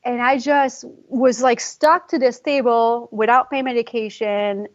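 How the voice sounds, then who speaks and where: Woman telling a story fast and emotionally. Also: fairly high pitch, fairly even intonation, dull audio. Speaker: guest, pre and postnatal fitness coach. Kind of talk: conversational podcast interview.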